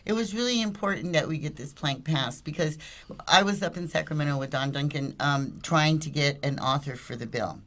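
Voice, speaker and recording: Woman, very low voice, middle-aged, rambling, casual panel talk. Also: brisk, fairly bright tone. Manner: rambling storytelling with restarts. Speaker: guest, cannabis advocate.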